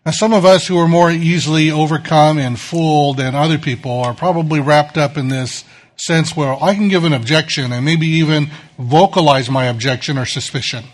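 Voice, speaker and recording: A man's voice: fairly high pitch, normal speed. A middle-aged male pastor giving a sermon, telling self-deprecating stories in a conversational way.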